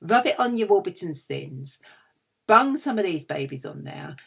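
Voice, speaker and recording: A woman's voice: lowish voice, expressive, normal speed, vocal fry, slightly rough. A middle-aged woman chatting casually through a food haul, cheeky and self-mocking. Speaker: vlogger.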